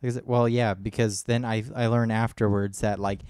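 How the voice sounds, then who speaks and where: A man's voice: fairly low pitch, fairly quick, clear, resonant tone, dry recording, clean studio sound. Rambling young man telling a story. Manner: rambling, animated retelling with acted-out quotes. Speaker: podcast co-host. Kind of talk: casual storytelling chat.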